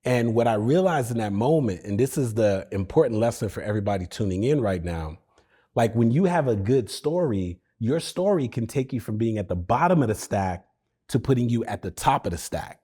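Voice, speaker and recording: A man's voice: on the low side, a little fast, husky. A man telling a personal story as a podcast guest, acting out the dialogue and talking directly to the host. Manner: lively, acts out dialogue, talks directly to the host.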